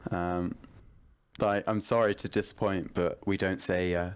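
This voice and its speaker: English guy with a lowish voice, dry jokey way of talking, on a call. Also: flat delivery, measured pace, clean tone. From England. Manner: dry, self-deprecating humor. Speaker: guest panelist. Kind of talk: casual chat.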